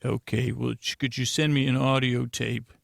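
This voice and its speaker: A man's voice: mid-range voice, level tone, normal speed, vocal fry, no room sound, studio quality. A man playing a bumbling fake anthropologist who stammers meekly through a request. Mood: pleading. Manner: stammering, hesitant, meek.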